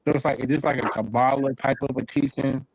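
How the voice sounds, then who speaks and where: A man's voice: medium pitch, steady tone, fast, husky, muffled recording. A man as a guest in a casual streamed discussion, asking questions in a hesitant way with many restarts.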